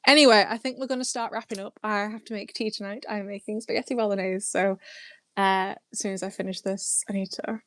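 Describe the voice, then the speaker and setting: Answering her chat's questions, a young Lancashire woman who hosts on YouTube keeps things loose, rambling and frequently laughing. She speaks at a moderate pace in a mid-range, slightly bright voice with fairly even intonation, and there's no echo.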